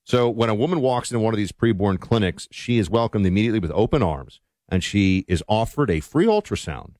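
A man's voice: fairly low pitch, expressive, fairly quick, a little mellow, dry recording. A man co-hosting a talk radio show, chatting and reading a live sponsor spot with emphasis. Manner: conversational, emphatic ad delivery. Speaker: radio co-host.

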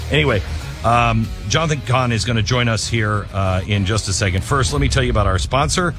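Rambling male talk show host. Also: mid-range voice. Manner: loose, rambling, many fillers and restarts. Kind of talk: talk show chat and live-read ad.

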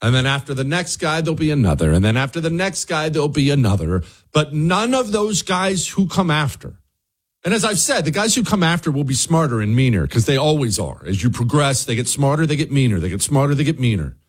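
A man's voice: on the high side, sing-song, fairly quick, husky. A man hosting a talk radio show, giving a fired-up monologue and speaking directly to his listeners.

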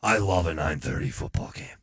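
A man's voice: a bass voice, animated, fairly quick, fairly bright tone, breathy edge. Casual, rambling male sports podcaster. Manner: rambling, self-deprecating, restarts often. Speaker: sports betting podcast co-host. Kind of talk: casual sports betting chat.

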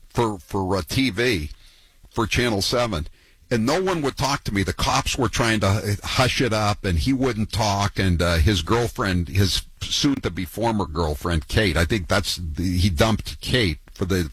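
A man's voice: lowish voice, fairly bright tone, husky, dry recording, rough recording. A man hosting a call-in radio show, telling wry, gossipy, rambling stories to callers. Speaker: talk radio host.

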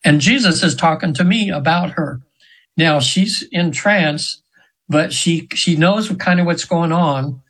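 A man's voice: on the high side, a little slow, fairly bright tone, rough recording. A man in his seventies telling stories in an earnest, rambling way, with many fillers and restarts, as an interview guest. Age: 70s. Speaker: guest hypnotherapist. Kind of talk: casual storytelling in an interview.

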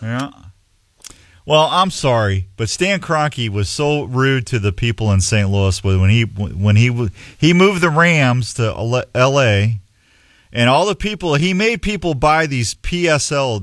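A man's voice: mid-range voice, very animated, takes it slowly, fairly bright tone, no room sound, clean studio sound. A man hosting a radio show in casual chat, joking and opinionated.

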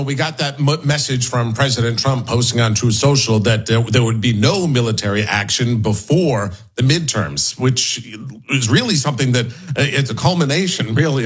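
Male radio news reporter, husky voice, steady and informative. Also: mid-range voice. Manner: informative, steady, a few restarts. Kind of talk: talk radio discussion.

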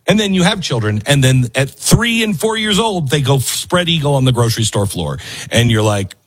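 A man's voice: mid-range voice, big pitch swings, normal speed, slightly rough. A man hosting an opinionated commentary show, speaking emphatically and repeating his key phrases like a lecture. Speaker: host.

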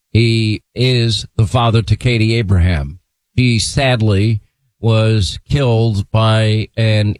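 A man hosting a talk radio show, reading quotes aloud and speaking with a brisk, forceful delivery into a close studio mic. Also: fairly low pitch, dry recording.

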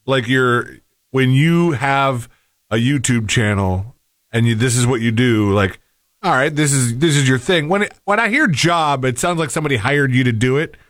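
A man's voice: mid-range voice, lively intonation, moderate pace, a bit bright, no room sound, studio quality. A man co-hosting a show, chatting casually and questioning points, sometimes hesitant. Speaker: co-host. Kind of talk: casual chat.

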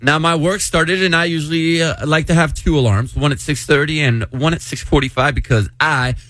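A man's voice: on the high side, steady tone, a little fast, fairly bright tone, dry recording, poor audio. A man hosting a radio morning show, reading a listener letter in an easygoing, chatty way. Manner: laughing, self-conscious, easygoing. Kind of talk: casual on-air chat and letter reading. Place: radio studio. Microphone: studio microphone.

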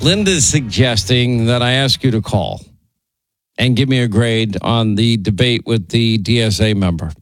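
A man's voice: medium pitch, unhurried, no room sound, soft background music. A man with a New York accent hosts a talk radio show from a studio mic. He banters and teases in an easy, casual way. The sound is dry and close. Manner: teasing, bantering. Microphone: studio microphone.

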